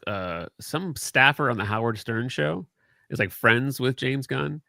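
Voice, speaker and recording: A man in casual chat who talks quickly and stumbles, repeating words as he tells a story. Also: medium pitch, expressive, gravelly, bright, forceful tone, no echo.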